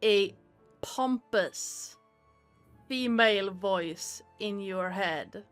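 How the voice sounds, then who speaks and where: A woman running a tabletop game as game master, calm and measured. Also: mid-range voice, faint music behind.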